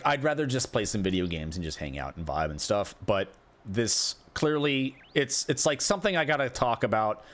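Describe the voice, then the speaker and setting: A man streaming live, ranting in frustration with rhetorical questions and swearing as he reacts to chat. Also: mid-range voice. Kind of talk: casual live-stream commentary.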